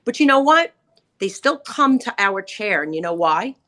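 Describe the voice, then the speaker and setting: Middle-aged woman, podcast guest; lively storyteller who swings her pitch wide to act out quotes. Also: moderate pace. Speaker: guest author, salon owner. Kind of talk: casual podcast chat.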